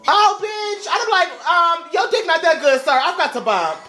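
A young man hosting a casual reaction vlog, sassy and expressive, swearing freely. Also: very high voice, moderate pace, faint music behind. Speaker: YouTube reaction host.

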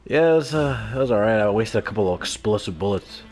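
A man with a lowish voice commenting on his own gameplay, excitable and quick to swear. He jokes with himself and reacts loudly to what happens on screen. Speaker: gameplay streamer.

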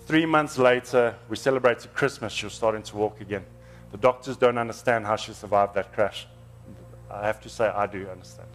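A man's voice: lowish voice, steady tone, a little fast, fairly bright tone, soft background music. A man, preaching a storytelling sermon in a church in an earnest, emotional, conversational way.

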